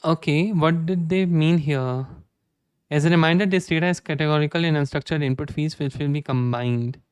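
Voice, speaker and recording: A man's voice: fairly high pitch, moderate pace, clear, resonant tone, no room sound, studio quality. A man in his twenties chatting casually with viewers during a live coding stream, self-deprecating and often restarting his sentences. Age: 20s.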